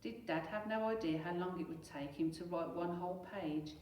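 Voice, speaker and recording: A teacher reads a children's story aloud with lively expression. Her voice sits lowish. She sounds set back from the mic in an echoey room. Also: normal speed, recorded from a distance, slight background noise. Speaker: primary school teacher.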